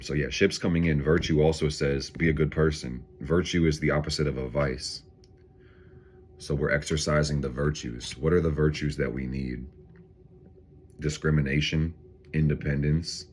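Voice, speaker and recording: A man's voice: extremely low pitch, a little mellow, slight background noise. A man casually reading tarot cards on his vlog, swearing freely and laughing often. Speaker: tarot reader vlogger.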